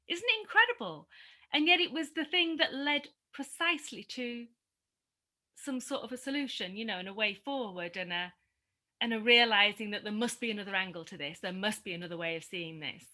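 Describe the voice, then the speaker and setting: A middle-aged woman telling a reflective personal story in a group conversation, animated and often laughing. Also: medium pitch, brisk. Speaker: community discussion participant.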